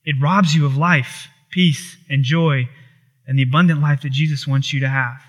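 A man's voice: a little high, steady tone, normal speed, fairly bright tone. A man preaching a sermon, impassioned and repetitive, building intensity on key phrases. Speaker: pastor.

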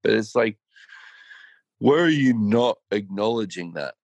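A man's voice: fairly low pitch, lively intonation, measured pace, a little mellow, no echo, muffled recording. A man co-hosting a casual, reflective chat, speaking earnestly and acting out his own thoughts. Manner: reflective, earnest, self-quoting. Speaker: co-host.

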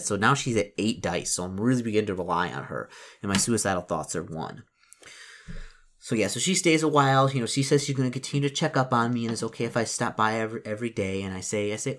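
A man narrating a solo tabletop role-play and reading out his dice rolls, often halting, repeating and restarting his words. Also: fairly low pitch, a bit bright. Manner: halting, full of repetitions and restarts.

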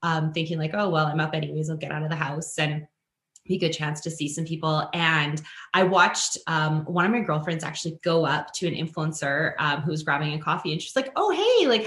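A woman from Canada tells a story as a podcast guest, her voice sitting on the low side. She acts out the people she quotes with sudden leaps in pitch. The recording has a roomy echo. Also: fairly quick, a bit bright. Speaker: guest, influencer and author. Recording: roomy echoing room.

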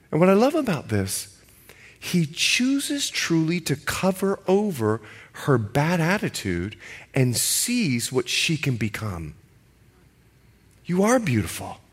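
Animated man preaching a sermon. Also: a little high. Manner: animated storytelling, shifting pace, acts out quotes. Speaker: pastor.

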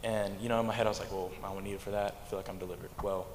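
A young man tells his church testimony in a low, quiet voice, stumbling and repeating words as he goes. His voice rings in an echoey hall, with a faint hum of ambience behind him. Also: little pitch movement. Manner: halting, repeats words, speaks mostly quietly. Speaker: congregant giving testimony.

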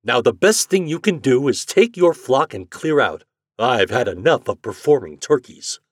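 A man voicing an enraged middle-aged market man who shouts and blusters. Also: medium pitch, animated, a little slow, no room sound, clean studio sound, voice pushed up. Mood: exasperated. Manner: loud and blustering.

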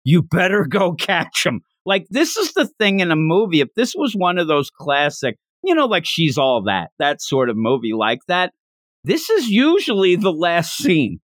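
A man's voice: high voice, huge pitch swings, moderate pace, a bit bright, dry recording, studio quality. A man co-hosting a casual chat, animatedly retelling scenes and acting out the lines. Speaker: podcast co-host. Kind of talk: casual chat about a manga chapter.

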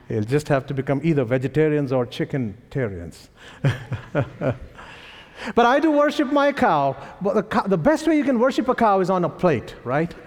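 A man's voice: on the high side, moderate pace. Indian man preaching in a reverberant hall. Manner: animated storytelling with chuckles. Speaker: pastor. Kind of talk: sermon. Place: church sanctuary.

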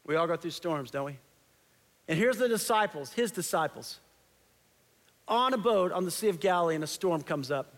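A man's voice: on the high side, expressive, moderate pace, long pauses, in a large hall. A man preaching a sermon as pastor, conversational and impassioned, repeating key phrases.

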